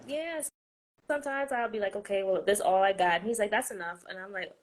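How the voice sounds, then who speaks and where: A woman's voice: medium pitch, expressive, brisk. Chatty woman guest, casual faith talk. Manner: chatty, calls her host "girl". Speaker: podcast guest.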